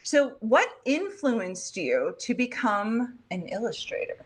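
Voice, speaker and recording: A woman's voice: a little high, sing-song, slow pace. A woman in her forties hosting a casual video interview, bubbly and giggly, often teasing herself. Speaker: podcast host.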